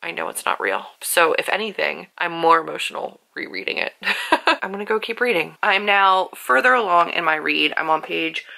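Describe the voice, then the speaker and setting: A woman's voice: fairly low pitch, sing-song, moderate pace, creaky, pushed and bright, poor audio. A woman talking casually on her vlog about a book she is rereading, chatty and openly emotional, often saying "like". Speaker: author and book vlogger.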